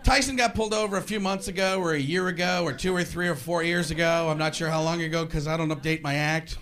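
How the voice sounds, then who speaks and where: A man's voice: on the high side, steady tone, fast talker. Rambling male stand-up comedian. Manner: rambling, self-mocking. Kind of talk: stand-up set. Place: comedy club stage. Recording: live club, loud crowd and noise.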